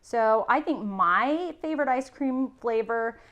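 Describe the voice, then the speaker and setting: A woman teacher giving a recorded class lesson, slowly sounding out spelling rules in a patient, encouraging way. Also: on the high side, lively intonation, fairly bright tone, muffled recording. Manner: slow, patient, sounding out words.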